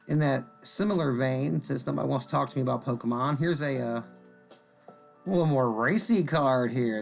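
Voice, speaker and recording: Brief: male stream host, gravelly fry in his voice, jokey rambling delivery, faint music underneath. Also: medium pitch. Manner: joking, rambling, greets viewers by name. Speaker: host of a card-selling stream. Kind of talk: casual rambling chat while showing cards.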